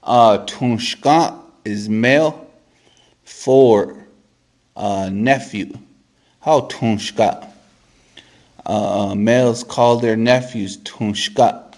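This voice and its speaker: A man teaching a casual vocabulary lesson to a camera, repeating each word several times for practice and making relaxed, joking asides. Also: fairly low pitch, very slow, pauses often. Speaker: language teacher.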